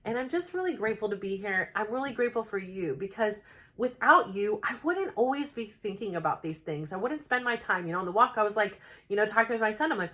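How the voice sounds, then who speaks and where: A woman's voice: medium pitch, animated, quick pace, a bit bright. A woman records a self-help vlog at home, speaking straight to camera in a rambling, earnest way. Her talk is heartfelt and loose, with plenty of filler words as she works through her thoughts. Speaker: self-help vlogger, mother. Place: home, new plain backdrop.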